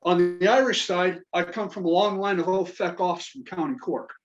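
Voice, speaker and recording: Southern guy in his 40s doing deadpan standup, kinda muffled lo-fi sound. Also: sits high, normal speed, faint music behind. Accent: Southern American. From Kentucky. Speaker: stand-up comedian, Navy veteran. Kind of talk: stand-up comedy set.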